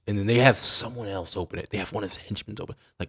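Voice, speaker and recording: A young man in a casual rant, animated and profane, who often trails off into mumbles. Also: fairly low pitch, quick pace, breathy edge. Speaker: streamer. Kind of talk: casual rant about an anime.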